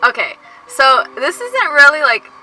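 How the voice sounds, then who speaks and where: A woman's voice: high-pitched, big pitch swings, measured pace, bright, forceful tone, soft background music, low-quality recording. A woman of twenty co-hosting a couple's Q&A, giggly, filling her talk with "like". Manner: giggly, heavy use of "like". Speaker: co-host of couple's channel. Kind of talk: casual Q&A chat.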